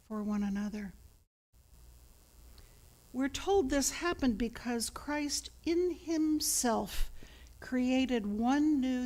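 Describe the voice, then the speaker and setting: A woman priest preaching a sermon in a measured way, her phrase ends often trailing off into a soft whisper. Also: on the high side.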